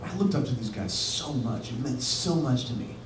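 A musician on stage at a bar venue shares a live anecdote, rambling and laughing, with plenty of fillers and restarts. His voice is medium in pitch, with lively intonation and a moderate pace. The recording comes from far off in an echoey room with noise.

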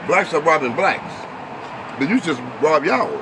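A man's voice: a little high, expressive, measured pace, noisy background. A man hosting a street comedy show, boisterous and profane, laughing at his own jokes outside a convenience store. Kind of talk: loose street comedy banter.

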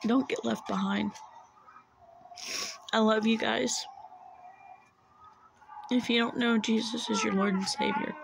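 A woman's voice: fairly high pitch, steady tone, slow, vocal fry, long pauses, a little hiss or hum, low-quality recording. A woman, holding back tears as she earnestly pleads with viewers to be saved, repeating herself. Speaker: self-described watchwoman. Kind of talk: urgent religious warning to camera.

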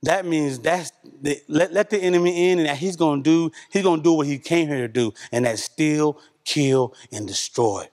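A man preaching a sermon as pastor, a father of a young son, talking animatedly and swinging between loud bursts and hushed asides. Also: fairly high pitch, normal speed. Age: young adult or middle-aged, father of a young son. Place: church.

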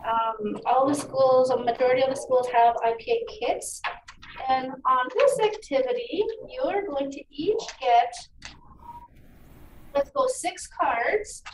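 A woman teacher giving a phonics lesson to children, encouraging and enunciating each sound clearly. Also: high-pitched, slow pace, a little mellow. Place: meeting room. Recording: echoey room, distant mic, faint noise.

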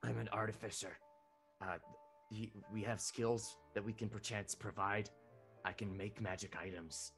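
A man playing his character in a tabletop game, speaking haltingly with stammers. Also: on the low side, steady tone, a bit bright, faint music behind. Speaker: player.

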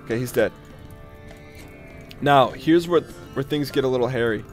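Guy playing a colony sim, frantic, talks to his little colonists, soft music under it. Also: mid-range voice, moderate pace. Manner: jumpy, talks to his colonists, spikes loud when tense. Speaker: let's play gamer. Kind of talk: frantic colony game commentary.

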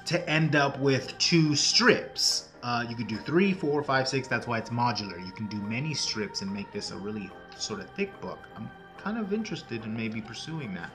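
A man's voice: medium pitch, lively intonation, normal speed, hardly any pauses, music in the background. A man hosting his own craft channel, talking through folding steps in a casual, rambling way with self-mocking jokes. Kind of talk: casual tutorial talk.

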